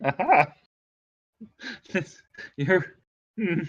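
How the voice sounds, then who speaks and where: A man speaks in character during a tabletop role-playing game. His voice sits fairly high, and he talks in a fussy, scholarly way, often stopping on hesitant fillers. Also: lively intonation, normal speed, highs cut off.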